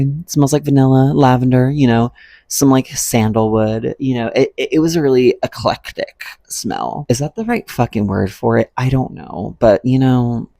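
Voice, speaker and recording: A man's voice: mid-range voice, gravelly, darkish tone, no room sound. A young adult man vlogging a casual storytime, rambling and profane, full of "like" and "um".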